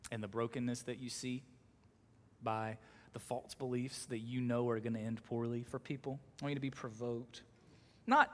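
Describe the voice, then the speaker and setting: A male pastor preaching a sermon, swinging between loud, emphatic exhortation and soft, close delivery. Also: mid-range voice. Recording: long hall reverb.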